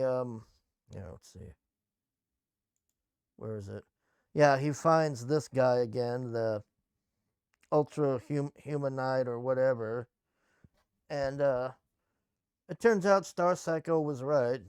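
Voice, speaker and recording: A man's voice: mid-range voice, takes it slowly, pauses often, darkish tone, clean tone, no room sound, studio quality. A man casually recapping and reviewing a TV episode, blunt and sarcastic, swearing freely.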